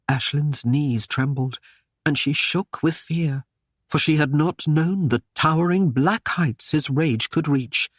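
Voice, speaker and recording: A man narrating a historical romance audiobook in a measured, even storytelling manner. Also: on the high side, dry recording, studio quality. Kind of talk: scripted narration.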